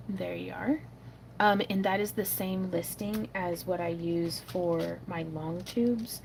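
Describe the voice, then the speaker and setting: A middle-aged woman hosting a crafting livestream, chatting casually and muttering soft asides to herself while she works. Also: lowish voice, gravelly, noisy background.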